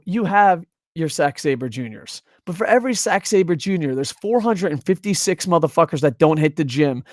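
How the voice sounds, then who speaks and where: A wrestling review streamer with a fairly high voice gives casual live-stream commentary into a desk microphone, rambling, swearing and reading chat aloud. The sound is clean studio quality with no echo.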